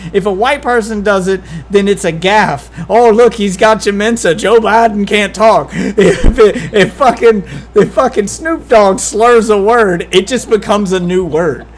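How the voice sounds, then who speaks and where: A woman's voice: mid-range voice, unhurried, hardly any pauses, slight background noise. A woman streamer chatting casually on a live stream, blunt and crude, joking and talking over her co-host. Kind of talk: casual chat.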